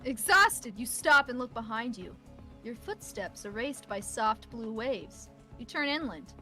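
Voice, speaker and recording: A woman's voice: on the high side, animated, a little slow, sharp tone, soft background music. A woman streamer reading a game's narration aloud in a dramatic, playful way while chatting with a friend. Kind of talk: reading game narration with chat.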